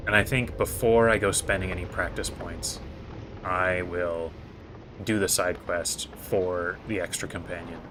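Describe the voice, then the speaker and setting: A man's voice: deep voice, background noise. A man giving casual gameplay commentary as host, thinking aloud in a hesitant way with many fillers. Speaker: gaming video host.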